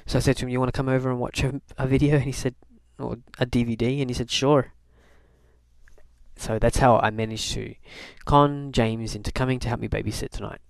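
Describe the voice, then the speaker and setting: A young man from Canada talks through his day in a loose, meandering way, circling back with fillers and restarts as he tells the story with a wry edge. His voice sits at an ordinary middle pitch and the recording is close and dry, with no room around it. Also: fairly even intonation, fairly quick, gravelly, no room sound. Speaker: video blogger. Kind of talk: casual rambling diary talk.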